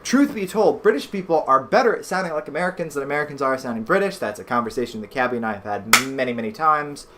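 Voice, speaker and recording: A man's voice: mid-range voice, animated, fast, few pauses, a bit bright, slight background noise. A man hosting a let's play, chatting casually and rambling with lots of fillers and swearing. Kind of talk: casual gameplay commentary.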